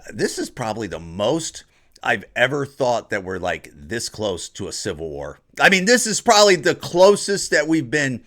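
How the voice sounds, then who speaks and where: High, bright-voiced man ranting. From Ohio. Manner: ranting, repetitive, combative; mocks others in put-on voices. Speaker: podcast host. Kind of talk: opinion podcast monologue.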